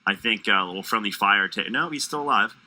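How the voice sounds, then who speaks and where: Joking male sports commentator, bright voice. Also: on the low side, fast talker, low-quality recording. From Illinois. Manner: joking, playful banter, stumbles over names. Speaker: play-by-play commentator.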